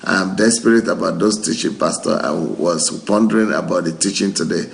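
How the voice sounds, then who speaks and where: A low, gravelly male voice, a pastor chatting loosely as he works through viewer comments. He laughs easily and often between the names he reads. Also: fairly quick, low-quality recording. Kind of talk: reading out viewer comments and responding.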